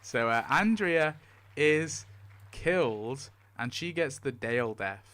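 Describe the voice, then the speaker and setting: A man's voice: mid-range voice, expressive, slow, fairly bright tone. A young man streaming casually, rambling and thinking aloud with fillers.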